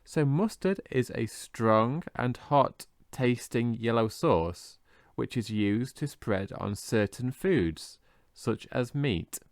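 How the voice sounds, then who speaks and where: A man teaching English vocabulary in a scripted lesson, slowly and carefully modelling how each word is pronounced. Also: mid-range voice, lively intonation, no echo, clean studio sound. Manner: slow, careful modelling of pronunciation.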